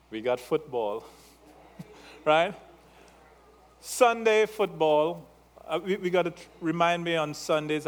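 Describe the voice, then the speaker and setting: A male pastor with an accent, preaching a sermon in a playful way, teasing his congregation and checking in with them through frequent questions. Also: on the high side. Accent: non-native English.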